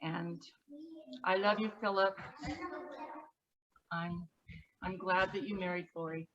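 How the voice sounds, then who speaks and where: A woman sharing memories at a memorial gathering, halting and emotional, her voice often trailing off softly. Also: lowish voice, fairly even intonation, highs cut off, a crowd in the background. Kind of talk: memorial tribute speech.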